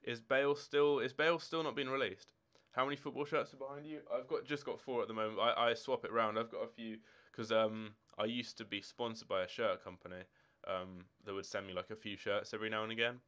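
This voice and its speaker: This young Scottish game streamer chats casually and rambles, taking chat questions as they come from a home room with football shirts and drawers. His smooth voice is medium-pitched and fairly bright, steady in tone, brisk, with few pauses.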